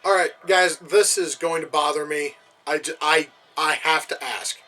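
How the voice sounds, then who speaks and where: A man's voice: a little high, fairly even intonation, measured pace, pushed and bright, soft background music, poor audio. A man giving casual reaction commentary on a film, with profane, exasperated rants. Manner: profane, exasperated ranting asides. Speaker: movie reviewer.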